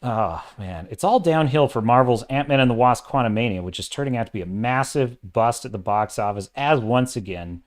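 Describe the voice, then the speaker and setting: Male commentary host, casual rant, exasperated and animated, uneven bursts of speech. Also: mid-range voice, a little fast, few pauses. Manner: opinionated, exasperated, talks in bursts with restarts. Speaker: host of a sci-fi and fantasy commentary channel. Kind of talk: casual ranting commentary livestream.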